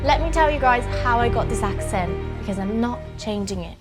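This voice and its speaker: A young woman from Brazil with a mixed Brazilian and British accent, telling her story in an animated, dramatic and playful vlog, with faint music behind. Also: a little high, a little fast. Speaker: vlogger.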